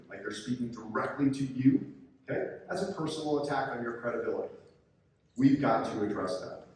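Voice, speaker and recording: A man's voice: medium pitch, a little fast. Man presenting in an echoey hall. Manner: calm, coaching, animated when acting out angry coaches. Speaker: presenter, sports official. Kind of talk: conference presentation. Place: conference room. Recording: echoey hall from far off, faint noise.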